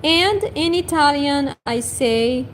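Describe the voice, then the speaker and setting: A woman teaching a livestream language lesson, saying each word slowly twice and correcting herself now and then. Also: high voice, slight background noise.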